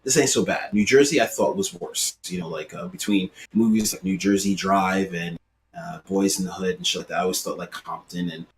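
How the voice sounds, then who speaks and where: A man in his late thirties from Brooklyn with a New York accent, chatting casually on a podcast and telling animated street stories. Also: sits low, fairly quick, creaky, a little hiss or hum. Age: late 30s. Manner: storytelling, animated, swears casually. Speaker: podcast co-host.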